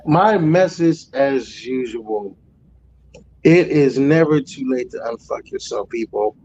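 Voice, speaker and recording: A man in his forties, a truck driver guest, telling road stories in a profane, animated casual way. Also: mid-range voice, slow, dull audio, slight background noise. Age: 40s. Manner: profane, animated storytelling with loud acted outbursts. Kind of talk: casual storytelling chat.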